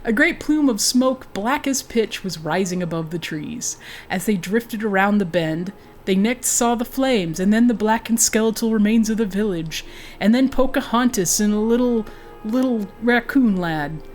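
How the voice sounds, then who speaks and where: A woman's voice: mid-range voice, expressive, moderate pace, a little mellow, a little hiss or hum. A woman streaming a game, reading a book aloud and breaking off for chatty, giggly asides.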